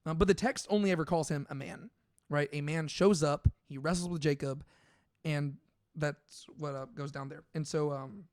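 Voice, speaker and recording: A podcast co-host talks through his ideas out loud in a laid-back Bible discussion, full of fillers, restarts, and self-corrections. His voice is a bit higher than most men's, recorded close and dry with no room sound, at a moderate pace.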